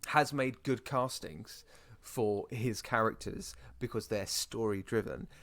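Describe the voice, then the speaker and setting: Hoarse british dude chatting on a podcast, lowish voice, repeats himself a lot. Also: male voice, slow pace, fairly bright tone. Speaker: podcast co-host. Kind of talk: casual podcast chat.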